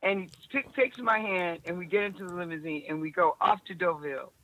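A woman telling a story in an interview, animated, often restarting her sentences. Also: on the low side, a little fast, poor audio. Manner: animated, with many restarts and acted-out quotes. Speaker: interview guest.

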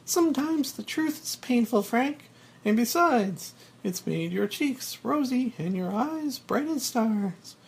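High sing-song fairy lady w a delicate british accent, husky edge, man putting her on. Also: expressive, slow, heavily acted. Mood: serene. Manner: sugary and serene, scolding gently. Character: sweet, chirpy female fairy spirit. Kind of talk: script reading.

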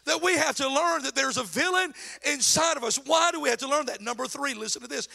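Gravelly high-voiced preacher. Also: male voice, fairly quick, hardly any pauses. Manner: preachy, swings from low asides to shouted exhortation; acts out quoted voices mockingly. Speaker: pastor. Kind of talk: sermon.

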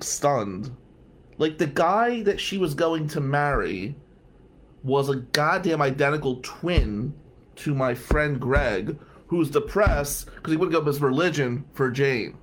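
A man casually telling a personal story in a sardonic, rambling way, full of wry asides. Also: medium pitch.

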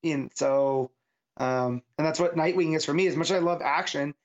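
A man's voice: fairly high pitch, moderate pace. Chatty man on a lo-fi podcast. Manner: chatty, enthusiastic, frequent fillers. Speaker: podcast co-host. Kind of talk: casual comic book discussion.

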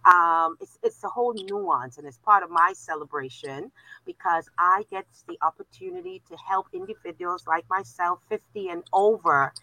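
A woman in her fifties introducing herself on a panel, expressive and storytelling in manner. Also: mid-range voice, moderate pace, vocal fry, dry recording, low-quality recording. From New York. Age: 50s. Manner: expressive, self-described storyteller. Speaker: health navigator, panel guest.

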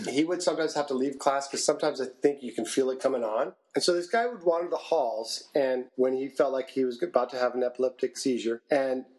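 A man's voice: mid-range voice, brisk. Chatty male storyteller on a podcast. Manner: animated storyteller, chatty with fillers. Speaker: podcast co-host. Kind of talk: casual podcast chat.

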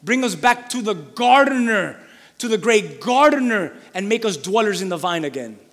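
A man preaching a sermon as pastor, fervent and repetitive, building up to shouting. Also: high voice, sing-song, normal speed, in a large hall. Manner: fervent, repeats phrases for emphasis, builds to shouting.

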